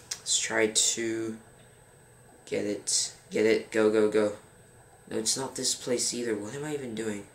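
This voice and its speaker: A young man in his teens giving casual gameplay commentary as a gaming channel host, rambling, filling pauses with um and grumbling at his game. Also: on the low side, fairly bright tone. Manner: frustrated, rambling, fills pauses with um. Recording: roomy with faint background noise.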